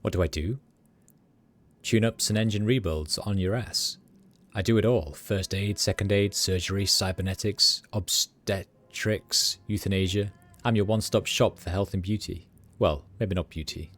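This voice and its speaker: On a livestream, a man with a low voice reads game dialogue aloud at a moderate pace. He plays a hungover but cheerful middle-aged street doctor, using a loose Midwestern American accent with words running together. The delivery is easygoing, jokey, laid-back and boastful.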